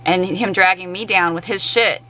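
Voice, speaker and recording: A woman's voice: on the low side, normal speed, bright, forceful tone, poor audio. A woman in an angry, blunt, profane rant to camera. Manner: blunt, heavily profane, exasperated.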